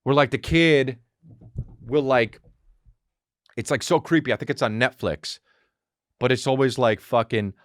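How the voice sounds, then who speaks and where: A man's voice: normal speed, no echo, clean studio sound. A man in his thirties hosting a solo comedy podcast, swearing freely and ranting. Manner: profane, animated, riffs into mocking high-pitched character voices. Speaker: podcast host.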